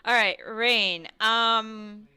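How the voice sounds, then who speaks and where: A woman running a tabletop game as game master, chatty and quick to laugh. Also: fairly high pitch, fairly even intonation, pushed and bright, smooth. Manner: chatty, laughs often, frequent restarts.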